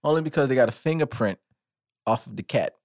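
A man's voice: medium pitch, animated, fast, a little mellow. A man co-hosting a casual podcast, reading a news story aloud with dry comic timing.

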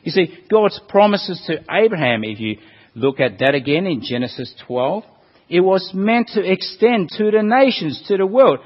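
Male pastor, husky slightly high voice, sermon in a reverberant hall, dull lo-fi sound. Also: normal speed. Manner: animated preaching, rhetorical questions.

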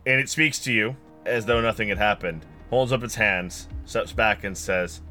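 Low, bright-voiced game master narrating, wry and descriptive. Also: male voice, normal speed, faint music behind. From California.

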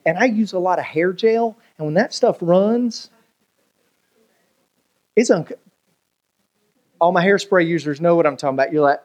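A man's voice: fairly high pitch, normal speed, pauses often. A man preaching a sermon as a pastor, telling funny everyday stories and acting out the people in them. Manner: humorous storytelling, animated quoted voices.

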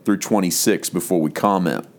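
A man, a pastor, giving a conversational devotional podcast teaching, slowing down to stress key words. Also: low voice.

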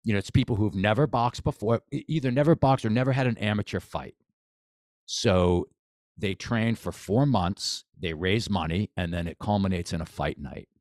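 A man's voice: lowish voice, normal speed, darkish tone, no room sound, studio quality. A man, a boxing coach, talking casually as a podcast guest, enthusiastic and rambling with restarts. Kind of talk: casual interview chat.

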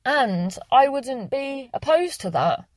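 A woman's voice: sits high, big pitch swings, slow pace, no echo. Young woman, casual vlogger, rambling and sweary, dry in-car sound. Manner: rambling, swears freely, chatty. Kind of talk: casual chatty vlog monologue. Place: sitting in a parked car.

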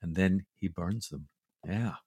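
A man co-hosting a book discussion podcast, talking in a reflective, emotional way with halting restarts. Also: sits low, mellow, husky, no room sound, clean studio sound. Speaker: podcast co-host.

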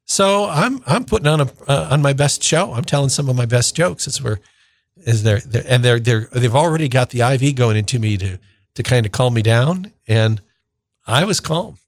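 An older man, a deacon in his sixties, tells a personal story on the radio in a warm-paced conversational way and acts out what people said. His voice sits at an ordinary middle pitch. The studio sound is close and dry, with no room echo. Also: moderate pace. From northern Minnesota. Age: 60s. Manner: conversational, animated retelling with acted-out quotes.

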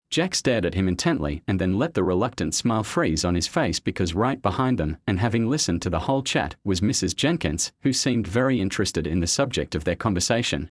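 A man reads a story aloud with an animated, expressive delivery. His voice sits somewhat low and the recording is dry and close. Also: no echo. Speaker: narrator. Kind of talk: audiobook narration.

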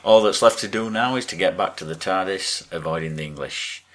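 A man co-hosting a podcast, recapping a TV episode with wry, deadpan asides. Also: low-pitched, brisk. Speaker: podcast co-host.

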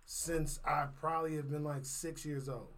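A man in his thirties from St. Louis, a guest comedian chatting casually on a podcast, laid-back and quick to laugh. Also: a little high, steady tone, a bit bright. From St. Louis, USA.

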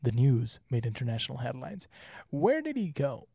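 A man co-hosts a casual podcast with a gravelly, husky voice. He reads notes aloud and keeps breaking into jokes and laughter. The sound is dry and close. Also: medium pitch, huge pitch swings, moderate pace, mellow, dry recording. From Utah. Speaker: podcast co-host. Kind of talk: casual chat with reading.

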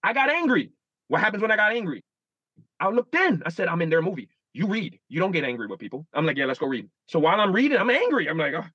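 Guy in his 30s, lively up and down voice, plays out his own thoughts, dry dull recording. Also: sits high, quick pace, husky, dry recording. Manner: animated storyteller acting out his own inner dialogue. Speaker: guest. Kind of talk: casual interview talk.

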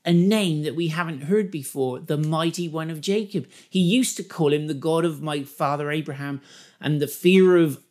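A man with a fairly high voice walks listeners through a scripture passage in an informal teaching style. He talks with emphasis and animation, breaking off often to explain and stress key phrases. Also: moderate pace, darkish tone. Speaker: Bible teacher.

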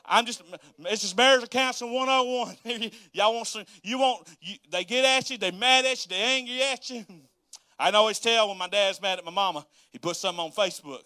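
A man's voice: high voice, a little fast, sharp tone, dry recording. A man preaching a sermon as pastor, folksy and dialect-heavy, laughing often and acting out quotes.

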